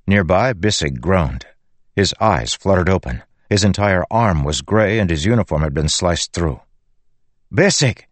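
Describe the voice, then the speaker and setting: Brief: male audiobook narrator, measured delivery, low voice. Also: expressive, no room sound. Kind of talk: scripted narration.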